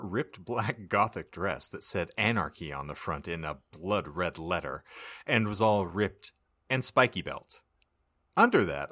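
A man's voice: low-pitched, fairly bright tone. A man co-hosting a comedy podcast, ranting sarcastically and reading a story aloud with theatrical flair. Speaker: podcast co-host.

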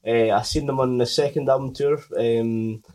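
A man's voice: mid-range voice, fairly even intonation, normal speed, dark tone, poor audio. A Scottish man hosting a podcast, chatting in an opinionated way with some swearing. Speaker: podcast host. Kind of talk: casual chat.

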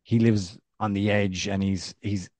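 A man's voice: on the low side, fairly even intonation, measured pace, darkish tone, dry recording. A man co-hosting a football podcast, talking in a rambling, casual way full of fillers. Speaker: podcast co-host.

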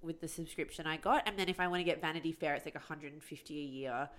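A woman's voice: sits low, quick pace. A young woman co-hosting a podcast, chatting casually with lots of "like" and a wry edge. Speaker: podcast co-host. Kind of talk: casual chat.

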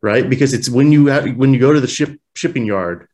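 A man's voice: medium pitch, brisk, darkish tone. A man co-hosting a podcast in casual chat, joking and profane. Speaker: podcast co-host.

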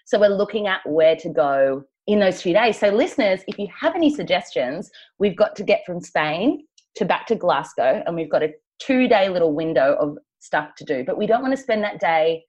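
A woman's voice: lowish voice, expressive, moderate pace, a little mellow, muffled recording. A woman co-hosting a podcast in casual chat, rambling through travel stories and laughing often. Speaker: podcast co-host. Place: travelling, recording remotely.

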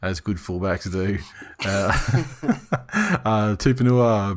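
A man's voice: lowish voice, expressive, drawn-out words. A man co-hosting a podcast, recapping a rugby match with lots of restarts and swearing. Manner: stammering restarts, swearing, laughing. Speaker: podcast co-host. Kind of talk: casual chat, match recap.

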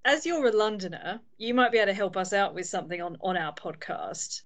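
A woman's voice: medium pitch, a little fast, very noisy. A woman hosting a podcast on a video call, friendly and asking questions with frequent laughs. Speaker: podcast host. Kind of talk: casual interview chat.

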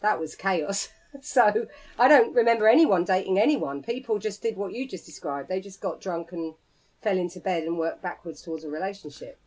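A woman in her forties chatting on a comedy podcast with a dry, candid manner. Her voice sits at a middling pitch, and she is relaxed and frank. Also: moderate pace, low-quality recording. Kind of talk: casual comedic chat.

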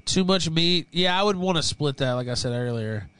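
A man with a higher-leaning, bright, clean voice uses lively intonation at a moderate pace, with no room sound. He hosts a relaxed livestream, swearing and laughing freely while giving opinionated reactions to chat and videos.

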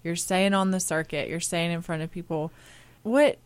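Radio host woman, lowish voice, encouraging interviewer. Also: steady tone, normal speed, clear, resonant tone, dry recording. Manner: encouraging, reacting with short interjections.

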